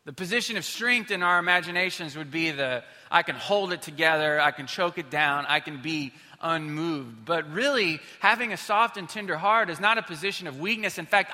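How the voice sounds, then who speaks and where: A man's voice: high voice, bright, forceful tone. A man in his thirties preaching a sermon, telling stories about himself in a casual, self-mocking way with plenty of fillers. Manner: conversational, self-deprecating storytelling with many fillers. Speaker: pastor. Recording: reverberant hall.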